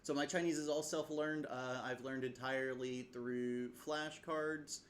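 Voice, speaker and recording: A man's voice: mid-range voice, a little slow, slight background noise. A man casually walking through a self-taught language study routine, rambling a little with frequent fillers and sounding out tones as examples. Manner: relaxed, rambling, many uh fillers, demonstrates tones aloud. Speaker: language learner vlogger. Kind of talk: casual screen-share tutorial. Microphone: webcam setup.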